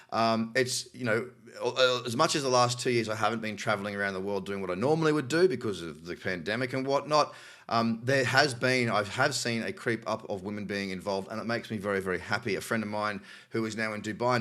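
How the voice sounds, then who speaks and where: A man's voice: lowish voice, fairly bright tone. A man with an Australian accent hosting a crypto news show, reading articles aloud and adding cynical, chatty asides. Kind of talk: casual news commentary.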